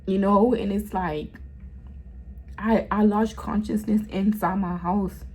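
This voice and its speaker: A woman vlogger telling an emotional story time at home, halting and repeating herself as her voice rises and falls with feeling. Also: medium pitch, steady tone, dark tone, slightly rough, rough recording.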